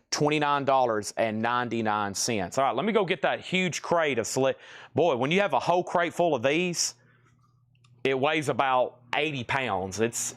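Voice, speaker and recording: A man hosting a live-stream vinyl auction, chatting, joking with buyers and calling out prices and bids, and out of breath from hauling crates. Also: medium pitch.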